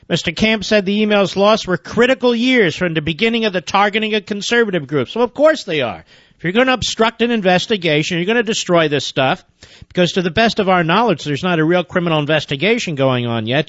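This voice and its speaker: A man's voice: high voice, a bit bright, dry recording, lo-fi sound. A man hosting a talk radio show, reading news items aloud and breaking into sarcastic, indignant commentary.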